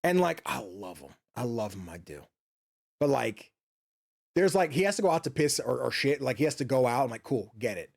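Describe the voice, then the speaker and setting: A male gaming streamer chats loosely from his home office, with a mid-pitched voice on a desk microphone. He rambles, swears freely and keeps circling back with fillers and restarts. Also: sing-song, a little fast, creaky, a little mellow. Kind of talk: casual chat while streaming a game.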